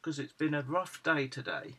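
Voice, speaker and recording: A man at home showing off his dogs, switching into high cooing baby talk whenever he speaks to them. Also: big pitch swings, moderate pace, pushed and bright, slightly rough, rough recording. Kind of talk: casual home video chat.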